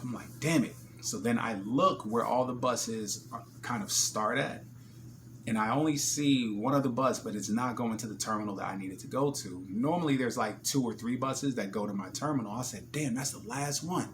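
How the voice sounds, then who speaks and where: Brief: New Jersey guy, mid-pitch, colorful and profane storyteller, casual vlog. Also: slight background noise. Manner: animated, profane, acts out scenes. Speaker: vlogger.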